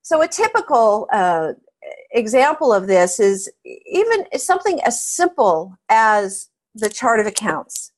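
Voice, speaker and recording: Emphatic middle-aged woman, fairly high voice. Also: a little slow. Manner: emphatic, animated storyteller. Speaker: accounting advisory expert guest. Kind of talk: interview answer with storytelling.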